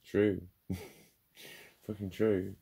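A man with a very deep, gravelly voice talks in a loose, candid monologue. His tone is dark and husky, and he swears freely and jokes at his own expense as he rambles. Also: flat delivery, very slow. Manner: rambling, sweary, self-deprecating. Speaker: vlogger.

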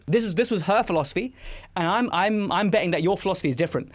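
A man hosting a podcast and talking enthusiastically, often restarting his sentences. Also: high-pitched. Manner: enthusiastic, rapid, with frequent restarts. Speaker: podcast host, dentist. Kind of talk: casual conversational interview.

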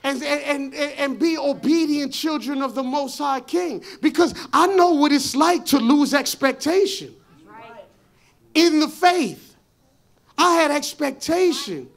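A pastor preaching a sermon in a church on a handheld mic. He often repeats and restarts his words, and his voice swells into shouts as his passion builds. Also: very high-pitched, lively intonation, a little slow, creaky. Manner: impassioned preaching, rising to shouts. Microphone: handheld microphone.

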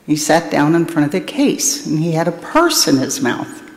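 A pastor preaching a sermon with illustrative stories, speaking deliberately in a church sanctuary. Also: medium pitch, big pitch swings. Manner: storytelling, deliberate. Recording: echoey church hall, long reverb.

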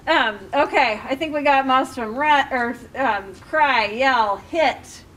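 A woman's voice: sits high, slow pace, fairly bright tone. A middle-aged woman, a life coach, giving a workshop talk to a group in a conversational way, with fillers and questions to the audience.

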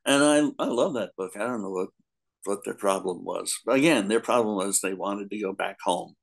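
Older guy with a lowish voice, chatty and animated, does little voices when he quotes people. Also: moderate pace, vocal fry, low-quality recording. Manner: animated, quotes others in raised voices, laughs often. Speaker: guest, comics editor. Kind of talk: casual interview storytelling.

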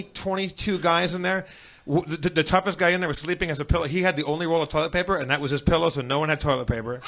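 A man's voice: on the high side, bright, forceful tone. A young man telling a rambling, profane jail story as a guest on a comedy podcast.

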